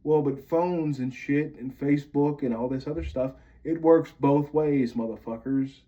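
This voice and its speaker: A man's voice: on the high side, measured pace, mellow. Vlogger, man from Pennsylvania, angry profane monologue, muffled lo-fi audio. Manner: bitter, profane ranting. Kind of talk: venting monologue to camera.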